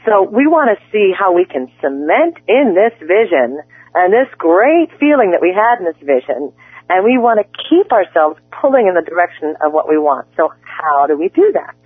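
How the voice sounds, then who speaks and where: A man leading a group coaching call, talking listeners through a guided visualization in a soft, unhurried way. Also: sits high, sing-song, breathy edge. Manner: soft, slow guided-imagery delivery. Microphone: telephone. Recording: tinny phone line.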